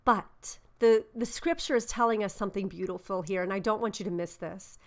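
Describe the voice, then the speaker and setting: A woman leading a Bible study in an earnest, conversational way, often checking in with "right?" and filling pauses with "um.". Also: mid-range voice. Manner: informal with frequent "um".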